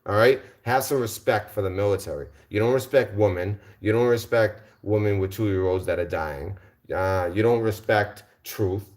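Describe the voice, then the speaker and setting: A man's voice: lowish voice, moderate pace, darkish tone. A male livestream host answering his chat in a combative, mocking rant, repeating his insults.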